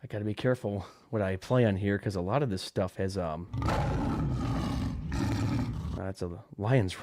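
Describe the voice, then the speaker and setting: A man's voice: sits low, moderate pace, over loud music. A man hosting a live podcast in casual chat, rambling off the cuff with lots of fillers and restarts. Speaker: podcast host. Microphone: desk microphone with a cover.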